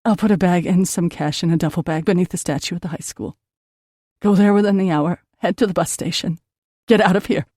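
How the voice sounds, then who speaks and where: A woman narrator voicing a frightened middle-aged mother who talks in a low, tense hiss. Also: brisk, warm tone, no echo, clean studio sound, lightly acted. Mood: sorrowful.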